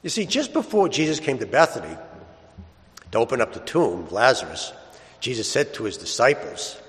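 Lively preacher man in an echoing church. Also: mid-range voice, normal speed. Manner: lively storytelling, acting out the scene. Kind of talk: homily. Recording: long church reverb.

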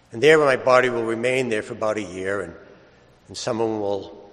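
A man preaching a homily, telling the story vividly and acting out the scene. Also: fairly low pitch. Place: church. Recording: long church reverb.

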